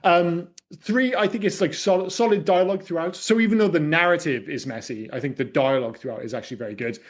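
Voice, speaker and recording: A man's voice: on the high side, fast talker. A man hosting a casual film podcast, chatty and wry, swearing freely. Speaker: podcast host.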